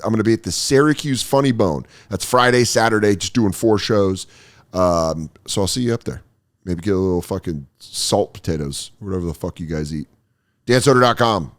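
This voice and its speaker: Lively-voiced man swearing through funny stories. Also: sits low. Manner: profane, laughing storyteller. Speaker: podcast host. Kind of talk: casual chat.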